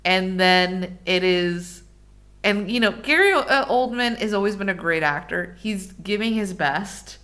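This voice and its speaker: A woman's voice: medium pitch, a little slow, fairly bright tone. A woman co-hosting a film podcast, talking frankly and casually, with the occasional swear word. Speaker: podcast co-host.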